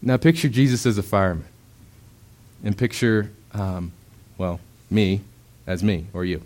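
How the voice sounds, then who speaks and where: A young man delivers a sermon in a relaxed, conversational way. His voice sits low, and he stumbles through fillers. Now and then he acts out quoted voices with sudden loud bursts. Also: measured pace. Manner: casual, conversational preaching with many fillers. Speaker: preacher.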